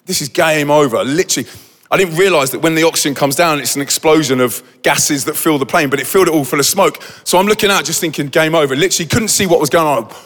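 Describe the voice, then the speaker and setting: Male storyteller, high voice, animated live delivery, big reverberant hall. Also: quick pace. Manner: animated, acts out the scene with quoted voices. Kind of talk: dramatic storytelling to a live audience.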